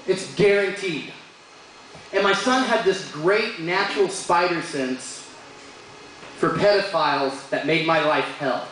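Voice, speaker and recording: A man's voice: fairly high pitch, slow pace, a bit bright, a little hiss or hum. A man doing a stand-up comedy set in a bar, telling joking stories about his kids and putting on funny voices for them. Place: bar stage. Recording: very echoey bar room with crowd ambience.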